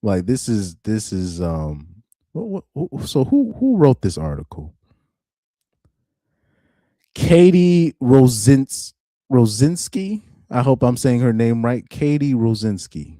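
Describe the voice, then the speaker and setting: A man's voice: medium pitch, very animated, slow, dark tone, no room sound, studio quality. A young man on a live stream reacting to articles, laughing often, repeating himself and restarting his sentences in casual chat.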